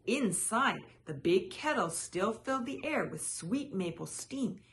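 A woman reading a children's picture book aloud as a channel host, with lively, expressive storytelling. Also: mid-range voice, measured pace, a little hiss or hum.

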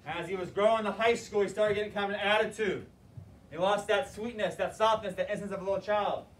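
A male teacher lectures and tells stories with animated emphasis. His voice sits high for a man. The sound is roomy and picked up from a distance, with faint noise behind. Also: fast. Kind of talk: classroom lecture with storytelling.

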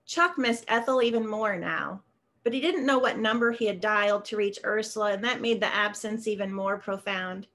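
A woman author reading her own short story aloud in a measured, steady way on a video call. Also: mid-range voice. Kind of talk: literary reading.

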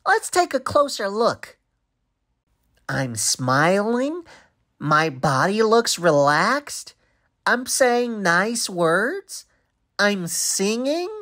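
A woman voicing a cheerful young cartoon boy who narrates a social story and asks the children watching questions, in a bright, sing-song, exaggerated way. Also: medium pitch, big pitch swings, very slow, exaggerated voice.

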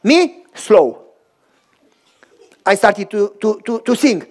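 A man's voice: high-pitched, measured pace, pauses often. A man preaching a sermon as pastor, telling a story animatedly with short, emphatic repeated phrases. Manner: animated and emphatic, acting out voices and rhythmic sounds; short repeated phrases, stressing each word.

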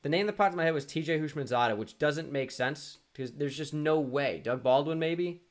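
A young gaming YouTuber talks to himself while playing a sports quiz, his voice on the high side at a normal speed. He mutters, starts over and pokes fun at himself as he thinks aloud.

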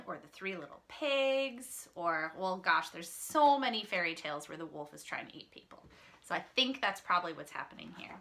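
A woman teacher giving a read-aloud lesson to children, explaining things in a lively, friendly way. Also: medium pitch.

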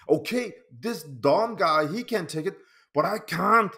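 A man, his voice sitting high for a man. He rants at an unhurried pace, swearing freely and stumbling over repeated words as he restarts his sentences. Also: lively intonation, pushed and bright. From Denmark. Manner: swears often. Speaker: pinball YouTuber. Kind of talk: casual vlog rant.

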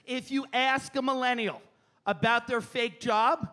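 A man's voice: very high-pitched, fairly even intonation, measured pace, bright, forceful tone. A man doing a brash, profane stand-up set on a theater stage, teasing the crowd. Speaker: stand-up comedian. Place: theater stage before a live audience.

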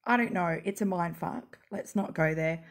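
A woman with a croaky voice rambling sarcastically at home while smoking, as a YouTube commentator. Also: lowish voice, moderate pace. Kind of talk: rambling casual monologue.

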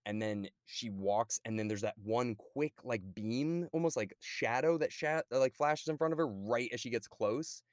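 A man's voice: medium pitch, normal speed, hardly any pauses, no room sound, studio quality. A young man, a guest on a podcast, chatting casually about a film and acting out quoted lines as he goes. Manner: animated, acts out quoted lines.

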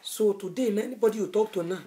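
A woman's voice: mid-range voice, fast, warm tone. A woman evangelist delivers a sermon with fervour. She repeats phrases again and again for emphasis, pressing her warnings on the listener. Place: Europe.

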